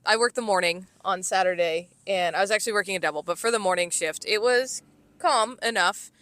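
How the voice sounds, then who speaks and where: A woman's voice: mid-range voice, fairly quick, dry recording. A woman co-hosting a casual podcast, telling a work story with plenty of swearing and acted-out quotes. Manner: swearing, animated retelling with quoted voices. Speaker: podcast co-host, server.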